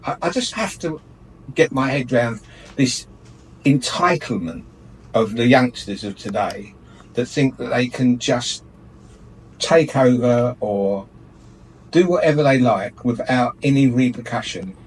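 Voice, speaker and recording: A man's voice: mid-range voice, expressive, measured pace, long pauses, slightly rough. Ranting man on talk radio, a bit distant. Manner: indignant, ranting, laughs often. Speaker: radio show regular airing his gripes. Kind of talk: light-hearted radio chat.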